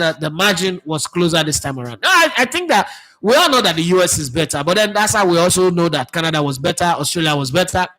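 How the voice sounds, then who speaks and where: A man's voice: high-pitched, fairly bright tone. A man hosting a casual live football talk show, reading viewer comments with sarcastic, chatty asides and many fillers. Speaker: sports talk host.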